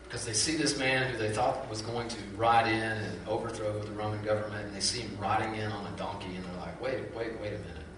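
A man, preaching a sermon as a pastor in a lively, conversational storytelling way full of asides. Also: on the low side, brisk, hardly any pauses, background noise. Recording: very echoey hall from far off.

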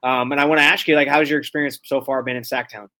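A man's voice: mid-range voice, fairly even intonation, quick pace, sharp tone. A man hosting a casual sports podcast interview, upbeat and chatty with loose banter. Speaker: podcast host.

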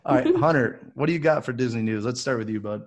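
A man hosting a casual podcast with friends over a video call, upbeat and quick to laugh. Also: mid-range voice. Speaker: podcast host.

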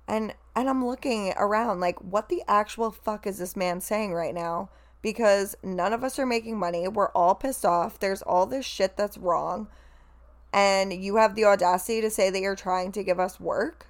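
A young woman with a mid-range voice and a measured pace tells a frank story about her day at work. She's casual and animated, swears freely, and acts out what other people said.

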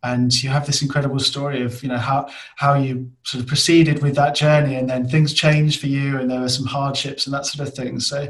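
Male interview host, mid-range voice, soft, hesitant questions. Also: medium pitch, little pitch movement, fairly quick, few pauses, low-quality recording.

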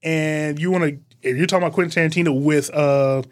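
A man's voice: on the high side, fairly even intonation, fast talker. A man co-hosting a podcast, teasing his co-host and arguing fan trivia in casual chat.

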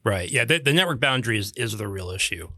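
A man on a podcast walks through a technical topic in an easygoing, explanatory way, restarting his sentences often. His voice is bright and on the low side. The sound is close and dry. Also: lively intonation, fast talker, dry recording. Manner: explanatory, lots of fillers and restarts, dry jokes. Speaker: podcast co-host. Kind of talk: casual technical discussion.

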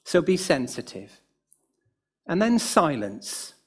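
A middle-aged man from the United Kingdom preaching a sermon in a gentle, pastoral way, with a light humorous aside. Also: fairly high pitch, very animated, slow, breathy edge.

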